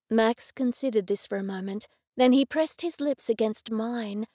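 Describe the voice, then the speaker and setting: A woman audiobook narrator telling a first-person story with expressive, intimate delivery. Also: fairly high pitch, moderate pace, few pauses, no room sound, studio quality.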